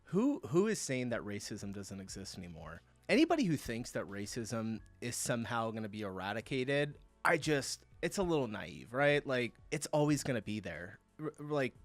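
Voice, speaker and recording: Guy from the us reacting to clips, lively voice, dry, thinks out loud, laughs a lot. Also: mid-range voice, no room sound. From United States. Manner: chatty, laughs often, thinks aloud. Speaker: reaction video host. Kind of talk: casual reaction commentary.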